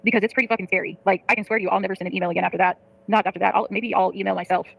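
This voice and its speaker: A woman streams live and vents to her viewers, cursing freely as she reads their comments. Her words rush out at a breakneck pace. A gravelly fry runs under her voice. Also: medium pitch, fairly even intonation, no room sound, muffled recording. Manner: rapid, profane, frustrated venting. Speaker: livestreamer. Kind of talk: venting to live chat.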